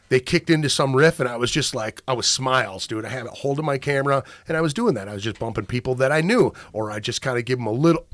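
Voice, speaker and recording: A man's voice: mid-range voice, fairly bright tone, no echo. A man hosting a podcast, telling a long profane story in casual chat. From Minnesota. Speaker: podcast host.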